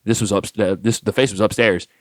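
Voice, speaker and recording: Fast-talking deep-voiced man, profane storyteller. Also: dry recording, clean studio sound. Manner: profane, animated storyteller acting out dialogue. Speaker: podcast guest, army staff sergeant. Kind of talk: casual storytelling.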